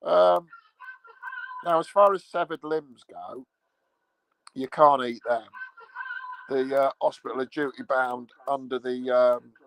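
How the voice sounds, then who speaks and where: A man's voice: mid-range voice, steady tone, slow, vocal fry, pauses often, slight background noise, rough recording. A man ranting casually in a rambling, sweary, mocking way. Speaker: vlogger. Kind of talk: casual profane rant.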